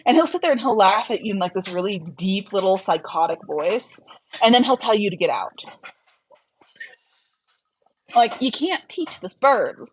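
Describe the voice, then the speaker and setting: A woman's voice: mid-range voice, lively intonation, fairly quick, rough recording. A tired woman hosting a casual livestream chat, rambling and trailing off as she works on her screen, laughing often mid-sentence. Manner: chatty, rambling, trails off while working on screen. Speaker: livestream host.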